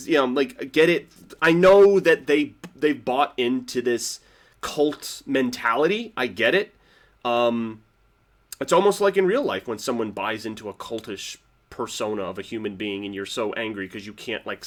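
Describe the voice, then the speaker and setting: This TV show reviewer, a man with a mid-range voice, reacts casually to an episode. His talk wanders, full of "like" and false starts, and his energy shifts from excited to subdued.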